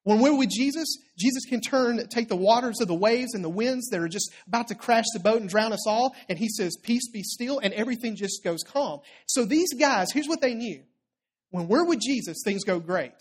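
A preacher retells a story in a loose, conversational sermon, checking in with the listeners as the story goes. The delivery rises for emphasis and then drops low and quiet for quoted words. The voice sits at a middle pitch. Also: slightly rough.

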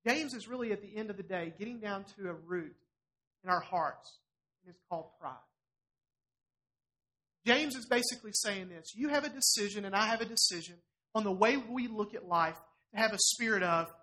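A middle-aged man preaching a sermon to a congregation in a church, animated and challenging as he voices scripture. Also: high voice, normal speed. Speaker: pastor.

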